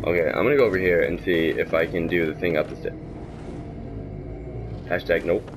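A young man commentating his gameplay, exasperated and talking back to the game, swinging from mutters to shouts. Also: low-pitched, fairly quick, over music. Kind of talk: let's play commentary.

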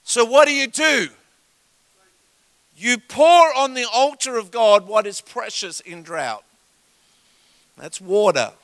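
An Australian man preaching a sermon in a church service, telling comic stories and swinging from quiet asides to shouts. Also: extremely high pitch, expressive, slow pace, long pauses, no room sound. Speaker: guest preacher.

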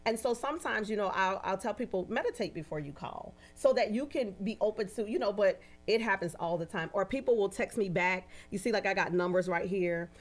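Animated woman telling spirit-reading stories. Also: mid-range voice, a little fast, few pauses, soft background music. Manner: animated, acts out quoted dialogue in anecdotes; often adds "you know" and "right?". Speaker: medium, interview guest. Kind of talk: casual interview storytelling.

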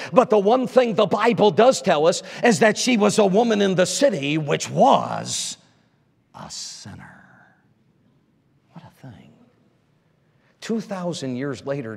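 A male evangelist preaching a sermon, swinging from loud emphasis to hushed lines. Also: high voice. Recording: echoey church hall.

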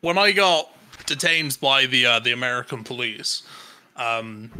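A young English man hosting a podcast, telling a story in a loose, animated way with plenty of swearing and filler words. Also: medium pitch, measured pace. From England. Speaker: podcast host.

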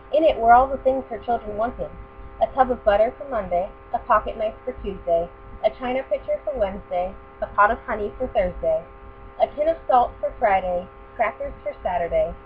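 Woman reading a picture book, tinny. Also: mid-range voice. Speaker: storyteller. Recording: tinny lo-fi with mains hum.

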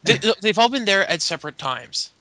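Canadian guy on a podcast, high bright voice, really dry close sound, rambly and acting stuff out. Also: very animated, brisk, dry recording. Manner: rambling, acts out wrestlers' lines in character voices. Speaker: podcast co-host. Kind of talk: casual chat, recapping wrestling.

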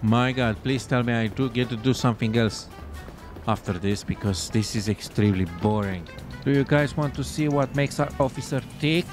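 A man's voice: medium pitch, normal speed, over music. Sarcastic man commentating gameplay. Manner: sarcastic, exasperated, swears often. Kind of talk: let's play commentary.

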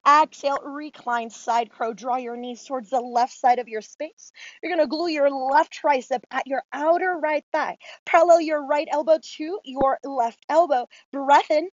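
A woman with a high voice leads a yoga class, giving calm, steady cues between breaths. The sound is dry and slightly dull. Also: moderate pace, dry recording. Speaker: yoga instructor. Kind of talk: guided yoga class instruction.

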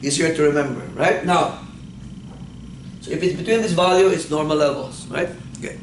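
A man's voice: fairly high pitch, moderate pace. A male instructor giving a classroom lecture. He keeps asking the class questions and then answering them himself. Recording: echoey classroom, faint background noise.

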